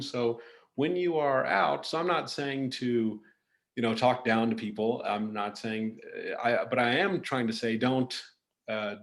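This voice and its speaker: A man's voice: mid-range voice, vocal fry, a bit bright. Rambling, easygoing male podcast host. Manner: loose and rambling, with many restarts. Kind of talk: casual conversational chat.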